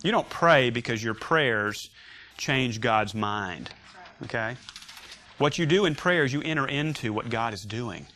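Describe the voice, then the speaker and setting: Man teaching Sunday school, emphatic, joking, lively pitch, faint noise. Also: a little slow. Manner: animated, emphatic, joking with the class. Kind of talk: teaching a Bible class with discussion.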